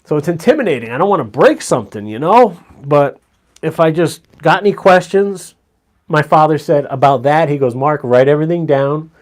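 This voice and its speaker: A middle-aged man chatting casually on a live stream, telling animated stories, swearing freely and chuckling as he goes. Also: a little high, normal speed.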